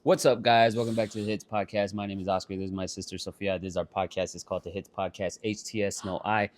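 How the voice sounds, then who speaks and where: A man's voice: lowish voice, fast talker. A young man co-hosting a podcast with his sister, telling a story casually and swearing a lot. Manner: profane, animated storytelling. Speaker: podcast co-host.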